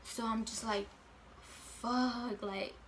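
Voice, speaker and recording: Teen girl rambling through a storytime, kinda high voice, lots of "like", noisy home recording. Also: fairly even intonation, slow pace. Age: late teens. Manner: chatty, lots of fillers, swears freely. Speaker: vlogger. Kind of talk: casual storytime chat. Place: at home with her baby.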